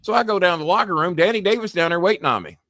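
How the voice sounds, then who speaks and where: Bright, animated storytelling man. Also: high voice, very fast, dry recording, studio quality. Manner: animated, profane storyteller, acts out yelling voices. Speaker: host. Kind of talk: casual storytelling chat.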